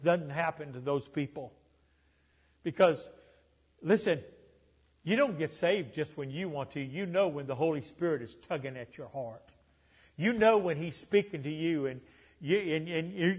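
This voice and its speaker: An older man from Alabama with a Southern accent, preaching an impassioned sermon that swells loud and high, then sinks low. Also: breathy edge, in a large hall, dull audio. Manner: impassioned, building to near-shouting then dropping low.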